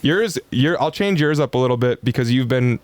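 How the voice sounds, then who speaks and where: A man's voice: mid-range voice, lively intonation, brisk. A man chatting casually as a podcast guest, easygoing and loose. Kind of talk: casual chat.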